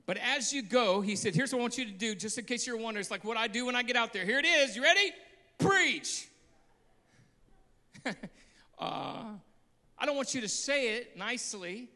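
High, bright-voiced man preaching fervently. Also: fairly quick, long reverb tail. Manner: passionate, bursts into shouts, storytelling with repeated phrases. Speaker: guest pastor. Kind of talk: preaching a sermon.

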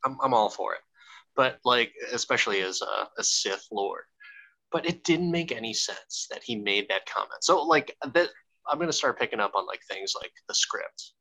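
A man's voice: mid-range voice, expressive, normal speed, sharp tone, rough recording. A man co-hosting a podcast, chatting casually in a rambling, profane way with many restarts. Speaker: podcast co-host. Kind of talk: casual chat.

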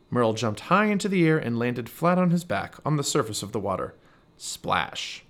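A man reading a children's chapter book aloud with expressive, animated storytelling. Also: medium pitch, a little fast. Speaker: storybook reader.

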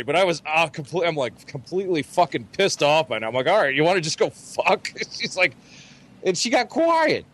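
A man telling a dating story to friends in a casual podcast chat, profane and laughing as he goes. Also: on the high side. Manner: animated, profane, laughing as he tells it. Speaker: podcast co-host.

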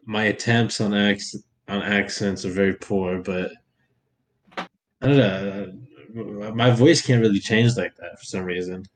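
Low-voiced young man, laid-back and hesitant. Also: fairly even intonation, measured pace, a little hiss or hum, poor audio. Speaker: podcast co-host. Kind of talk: casual chat.

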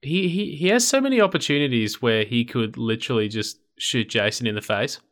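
A man's voice: medium pitch, expressive, fairly quick, fairly bright tone. A man co-hosting a podcast in casual chat, joking and mock-indignant, laughing easily. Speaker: podcast co-host.

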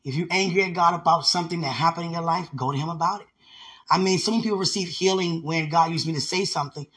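Speaking fast in a fairly high, sharp, husky voice, a man vlogs from home near a window. He rambles and laughs often as he talks to his fiancé with casual love and devotion.

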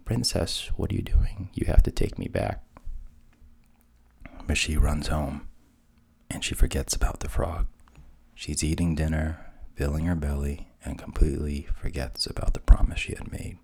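A man narrating a fairy tale softly, at times dropping to a whisper. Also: very deep voice, creaky, breathy edge. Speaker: storyteller.

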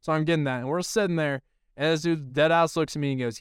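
A man's voice: a little high, fairly even intonation, fast talker, clean tone, no echo, clean studio sound. A man hosting a podcast, telling a casual story in a rambling, profane way with lots of filler words. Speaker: podcast host.

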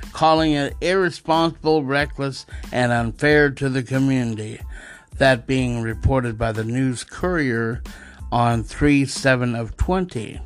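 A man hosting a casual podcast, reading odd news stories in a loose, unpolished way with joking asides and plenty of fillers. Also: mid-range voice. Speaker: podcast host.

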